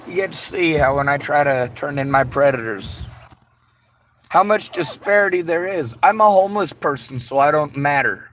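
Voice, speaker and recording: Bitter man ranting on camera, higher-pitched voice, lots of swearing. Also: animated, moderate pace, a little hiss or hum. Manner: bitter, heavy swearing, rising to shouts. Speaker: vlogger. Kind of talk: angry monologue to camera.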